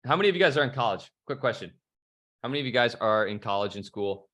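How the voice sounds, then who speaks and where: A man's voice: medium pitch, animated, fast, a bit bright. A young man giving a fired-up motivational talk on a video call, casual and profane, full of bro slang. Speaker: motivational speaker.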